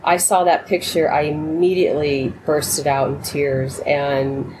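A woman's voice: low-pitched, little pitch movement, unhurried, background noise. A woman co-hosting a casual spiritual chat over a remote call, talking in an emotional, gushing, rambling way. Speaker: co-host.

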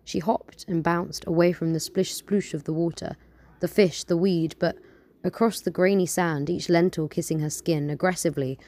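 A young woman hosts her own show, chatting casually and reading her poems aloud in a rambling, playful way full of fillers. Her voice sits on the low side, mellow, with fairly even intonation and a normal speed.

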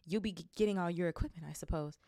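A woman's voice: on the low side, fast, warm tone, no room sound, clean studio sound, lightly acted. A woman reading aloud, voicing a pale, nervous young male teacher who stammers constantly. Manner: stammering, jittery.

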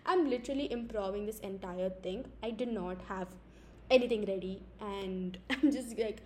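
A young woman from India with a squeaky voice, rambling and giggling through an improvised podcast from home late at night. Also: normal speed, a little mellow, a little hiss or hum. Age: young adult. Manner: giggly, rambling, self-mocking. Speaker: podcast host. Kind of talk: casual improvised podcast chat.

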